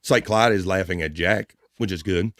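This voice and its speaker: A man's voice: deep voice, moderate pace, noisy background. A man hosting a casual livestream, reading viewer comments aloud with crude, jokey banter and frequent laughs. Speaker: livestream host.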